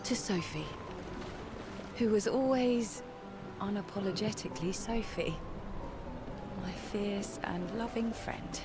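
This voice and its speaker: A woman's voice: medium pitch, takes it slowly, long pauses, natural voice. An actress playing a brash, teasing woman who styles the crew and likes a drink. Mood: solemn. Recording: game audio with music underneath.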